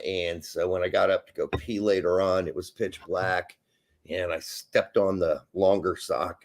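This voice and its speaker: A man co-hosting a casual podcast, ranting in a crude, animated way and swearing freely. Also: low voice. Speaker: podcast co-host.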